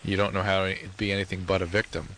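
A man's voice: sits low, little pitch movement, fast talker, fairly bright tone, a little hiss or hum, poor audio. A man co-hosting a call-in radio show, asking blunt, probing questions and lecturing callers. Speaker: radio co-host.

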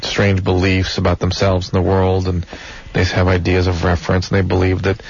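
A man's voice: low-pitched, completely flat delivery, fairly quick, creaky, slightly rough. A man co-hosting a call-in radio show, explaining things bluntly to a caller. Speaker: radio co-host giving advice. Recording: dull lo-fi radio broadcast.

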